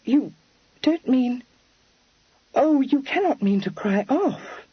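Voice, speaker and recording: A man's voice: wildly swooping pitch, moderate pace, husky, no echo, dull audio, full character voice. A man putting on a spirited, coaxing young lady. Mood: reproachful. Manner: high, lilting, prim formal phrasing.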